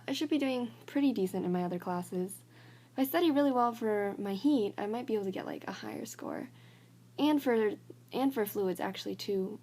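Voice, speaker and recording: This college-age woman has a mid-range voice with a darkish tone. Venting to her phone camera in a casual vlog, she sounds annoyed and exasperated, rambling with "like" dropped into almost every phrase.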